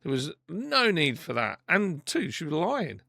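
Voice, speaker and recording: A man hosting a podcast, retelling a story with animated indignation and acting out the quotes. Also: a little high, measured pace, vocal fry, no echo, clean studio sound. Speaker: podcast host. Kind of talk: casual storytelling.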